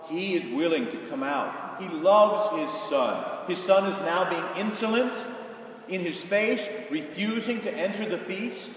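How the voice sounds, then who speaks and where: A man preaching a sermon in a large church, emphatic and rising to shouts for stress. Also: fairly high pitch, a little hiss or hum. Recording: echoey hall from far off.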